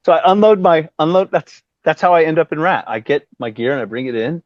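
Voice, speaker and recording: A man's voice: brisk, no echo. A man in his fifties, a guest musician telling a story in a casual interview, acting out what others said and swearing often. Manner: animated, acts out quotes with big pitch jumps, swears often. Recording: dry, dull lo-fi audio.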